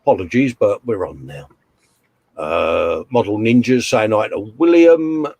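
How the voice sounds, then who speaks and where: A man's voice: fairly low pitch, animated, measured pace, a little mellow, no echo. A man hosting a casual livestream, chatting and reading out comments in a jokey, rambling way. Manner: chatty, jokey, lots of "uh" and "mate". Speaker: livestream host.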